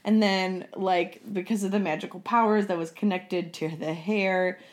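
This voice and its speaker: A chatty woman co-hosting a podcast, talking in a lively, casual way. She keeps dropping "like" into her sentences. Her voice sits at a middle pitch. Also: moderate pace. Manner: chatty, animated, says "like" often. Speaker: podcast co-host. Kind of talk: casual chat.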